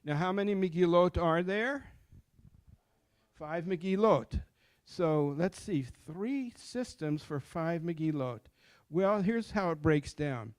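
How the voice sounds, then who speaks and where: A man's voice: a little high, animated, slow pace, clear, resonant tone, no echo. An older man, a cantor, giving an informal lecture to a study group, explaining patiently and asking his listeners questions before answering them himself. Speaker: cantor teaching Torah chant.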